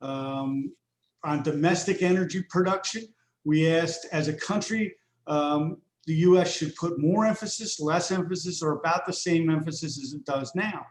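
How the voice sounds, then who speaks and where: A man's voice: a little high, moderate pace. A man presenting survey results on a video call webinar, walking through figures steadily with frequent fillers. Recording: roomy echo.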